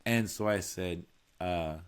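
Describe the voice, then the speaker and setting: A man's voice: sits low, slow, clean tone. A man from Puerto Rico, a podcast co-host and friar, telling stories in a casual chat, laughing often and acting out the dialogue. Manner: animated storyteller, laughs often, acts out dialogue.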